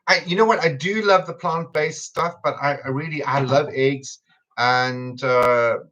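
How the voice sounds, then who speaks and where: Hosting a cooking livestream, a man with a South African accent banters in a teasing, chatty way and laughs frequently. He speaks unhurriedly at a medium pitch, sounding a bit bright. Audio from his computer camera is dull.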